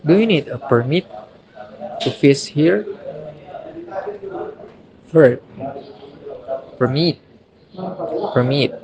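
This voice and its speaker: A man's voice: fairly high pitch, lively intonation, slow, creaky, long pauses, a crowd in the background, rough recording. A young man, a university student from Indonesia, reads a phonology lesson aloud, carefully saying each example word two or three times. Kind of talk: reading a recorded phonology lesson.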